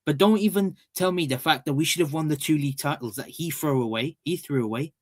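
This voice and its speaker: Loud mocking man, fairly high voice. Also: a little fast, hardly any pauses. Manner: mocking, loud, mimics rival fans. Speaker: call-in panelist. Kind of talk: heated football call-in chat.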